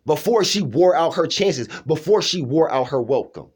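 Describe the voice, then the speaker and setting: Speaking at normal speed in a husky, slightly mellow, a little high voice, this man sounds animated. He rambles through a personal monologue with emphasis, often restarting and repeatedly asking "you know what I'm saying."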